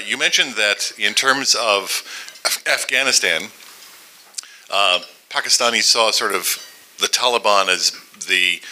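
A man from the audience politely asking a question, halting with fillers. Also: low voice, bright, forceful tone, poor audio.

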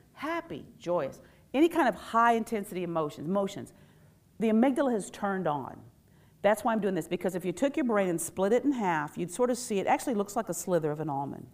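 A woman presenting a workshop to a live audience, playful and animated, asking questions and pulling the room in. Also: mid-range voice. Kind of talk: lively talk to a live audience.

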